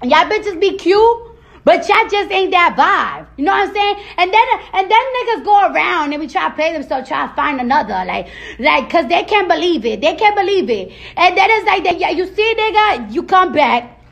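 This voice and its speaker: Brash, very high-voiced woman ranting. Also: moderate pace, creaky. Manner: brash, profane, animated storytelling. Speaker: celebrity talking to her followers. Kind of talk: casual monologue to camera.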